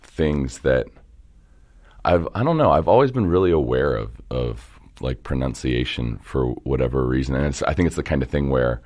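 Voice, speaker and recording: A young man from the Baltimore area, an entrepreneur guest in a casual interview, rambling and animated, swearing now and then. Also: rumbling low, normal speed. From Baltimore area, Maryland.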